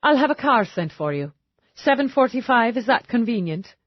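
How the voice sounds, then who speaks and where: A woman narrator voicing a suave, wealthy man who speaks smoothly and teasingly in an audiobook. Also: on the high side, sing-song, normal speed, no room sound, muffled recording, voice pushed up. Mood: breezy. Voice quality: smooth, unruffled.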